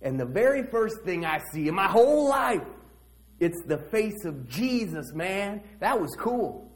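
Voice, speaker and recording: A man playing a streetwise blind beggar who tells his own story in a church monologue, slangy and animated. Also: sits high, unhurried. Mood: excited. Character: streetwise blind male beggar, brash and eager. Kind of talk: dramatic monologue in a church service.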